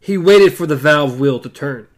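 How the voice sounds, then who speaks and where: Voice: medium pitch, moderate pace. A co-host chatting casually about a novel and reading passages aloud. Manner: chatty, animated, laughs easily. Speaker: co-host and reader.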